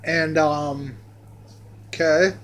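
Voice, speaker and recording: A man's voice: on the high side, fairly even intonation, very slow, a bit bright. A man telling a rambling personal story, profane and stammering, with many restarts. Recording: echoey room with faint hum.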